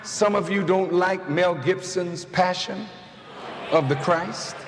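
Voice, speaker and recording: A high-pitched man delivers an impassioned address in a measured, unhurried way, climbing to shouted peaks. The archive recording carries a long hall reverb and a faint hiss underneath. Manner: deliberate, building to shouted peaks. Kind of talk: impassioned speech.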